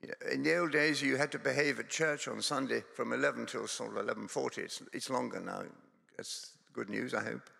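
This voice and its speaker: A man's voice: medium pitch, fairly quick, gravelly, bright, forceful tone, slightly rough, in a large hall. A Scottish man preaching a sermon in a church, conversational and self-deprecating, with digressions and humorous storytelling. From Scotland.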